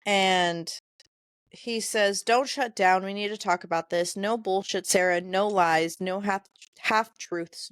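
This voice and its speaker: A podcast co-host reads quoted passages from a novel aloud during a casual book discussion, speaking plainly and conversationally and occasionally tripping over difficult names. Her voice is middle-pitched, and the sound is dry and close with no room sound.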